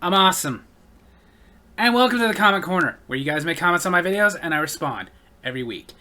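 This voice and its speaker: A man's voice: high voice, expressive, fast, pushed and bright. Man reading comments like a newscaster. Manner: mock newscaster delivery. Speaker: comedy vlogger reading viewer comments.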